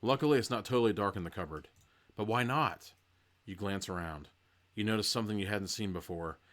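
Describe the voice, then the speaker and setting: A man's voice: fairly low pitch, a little fast, a bit bright. A man hosting a live comedy show, reading a children's gamebook aloud with mock-dramatic delivery and swearing, rambling tangents in between; he is tired and hungry. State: sleep deprived and hungry. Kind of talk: live comedic read-along with profane asides.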